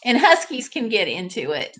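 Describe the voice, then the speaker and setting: A woman's voice: a little high, huge pitch swings, moderate pace, a bit bright. Chatty woman hosting a live stream. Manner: chatty, talks to viewers directly. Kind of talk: casual live stream chat.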